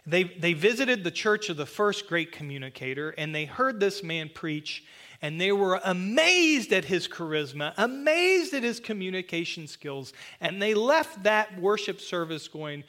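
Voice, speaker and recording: A pastor with a notably high voice delivers a sermon to his congregation in a church sanctuary. He is earnest, slowing right down to stress key phrases and slipping in a bit of self-deprecating humor. His pitch swings widely and his tone is pushed and bright.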